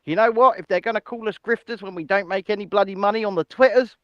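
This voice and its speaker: A man's voice: sits high, fast talker, no room sound, lo-fi sound. A man co-hosting a casual comedy news podcast, joking and plugging the show's support links. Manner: jokey, animated, plugs support links. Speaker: podcast co-host. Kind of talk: casual banter.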